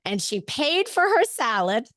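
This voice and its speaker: A woman in her thirties from Pennsylvania, a podcast guest telling personal stories in an animated, candid way. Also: high-pitched, measured pace, no room sound, clean studio sound. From Pennsylvania, USA. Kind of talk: casual interview storytelling.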